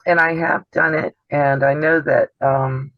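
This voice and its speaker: A man with a gravelly, fairly high voice talks through a sewing craft step by step, chatty and a little meandering. His sound comes over a video call, dull and completely dry. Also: flat delivery, unhurried, no echo. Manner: chatty and explanatory, trails off mid-sentence. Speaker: host of a sewing channel.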